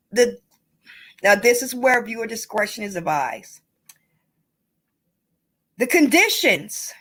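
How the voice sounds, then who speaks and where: Woman, true crime commentary, high voice, slow delivery, emotional, profane, repeats herself. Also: a bit bright.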